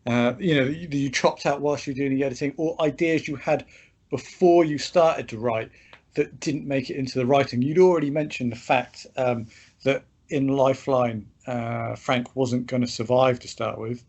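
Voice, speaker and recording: A man hosting a podcast, putting measured, thoughtful questions to an author. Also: medium pitch, fairly even intonation, darkish tone, breathy edge. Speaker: podcast host interviewer. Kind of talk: interview questions.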